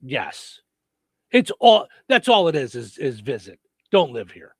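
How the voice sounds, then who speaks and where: Lively middle-aged male radio host. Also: mid-range voice, a little slow, no room sound. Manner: rambling, easygoing, reading a list with asides. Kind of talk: casual radio banter.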